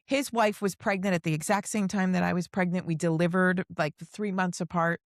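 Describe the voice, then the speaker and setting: A middle-aged woman hosts a podcast, sharing long personal stories in an earnest, emotional, heartfelt way during casual conversation. Her voice is on the low side, with fairly even intonation and a fairly quick pace. The recording is dry and studio quality.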